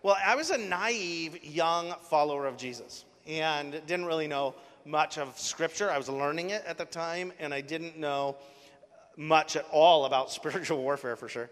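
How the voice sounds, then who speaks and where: Bright-voiced man telling a story in a reverberant hall. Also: on the high side, moderate pace. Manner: casual, earnest storytelling with many fillers and restarts. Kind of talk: sermon storytelling.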